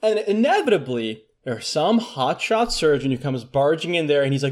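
A man's voice: fairly high pitch, big pitch swings, normal speed, few pauses. A man playing along in a comic chat, mock-serious and earnest, with many "like"s and restarts. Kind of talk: deadpan comedic chat.

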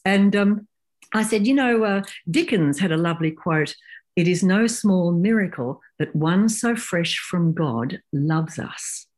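Her voice sits on the low side. In her sixties and a professional speaker, she tells stories during a podcast interview, performing quotes with animated changes in tone.

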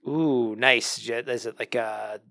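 A man's voice: mid-range voice, fairly even intonation, slow, vocal fry, bright, forceful tone, dry recording. A man hosting a podcast in casual chat, upbeat and jokey, laughing easily. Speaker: podcast host.

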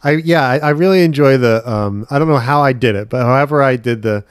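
A podcast co-host, this man speaks in a middle-pitched voice and wanders through his sentences with stops and restarts. He giggles between lines, and the recording is close and dry. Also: brisk, clear, resonant tone, no room sound. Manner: rambling, hesitant, giggly. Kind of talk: casual comedy chat.

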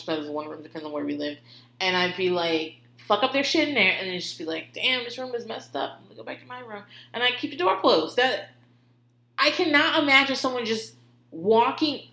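A woman's voice: mid-range voice, bright, forceful tone. A woman telling rambling, profane stories in a casual way, laughing often. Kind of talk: casual storytelling. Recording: roomy echo.

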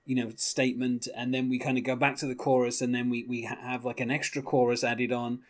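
A man's voice: level tone, fairly quick. Rambling man quoting song lyrics. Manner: rambling, many fillers, quotes lyrics in a soft low voice. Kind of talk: casual music discussion.

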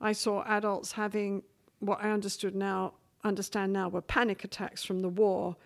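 A middle-aged English woman from England, chatting as a guest in an interview and telling stories with lively shifts of voice. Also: medium pitch, normal speed, vocal fry. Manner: animated storytelling, shifting between voices. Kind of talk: casual interview chat.

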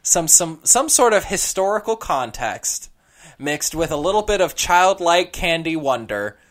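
A man co-hosting a casual chat, telling an animated story and slipping into character voices. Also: a little high, a little slow. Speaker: podcast co-host.

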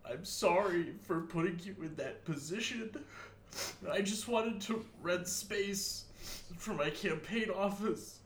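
A man voicing a tearful, disgraced middle-aged man who reads out a halting, mock-crying apology. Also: sits high, echoey room, slight background noise.

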